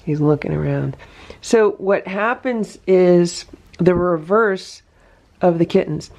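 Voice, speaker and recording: Gravelly-voiced woman chatting about her cats. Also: lowish voice, slow pace, darkish tone. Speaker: cat rescue vlogger. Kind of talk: casual narration to camera. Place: home indoors.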